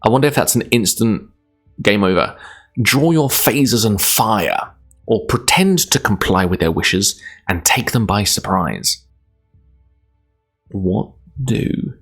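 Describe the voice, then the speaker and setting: A man's voice: on the low side, expressive, slow pace, pauses often, a bit bright, breathy edge, soft background music. A Scottish man streaming live, reading a gamebook aloud in a chatty, self-deprecating way, laughing often.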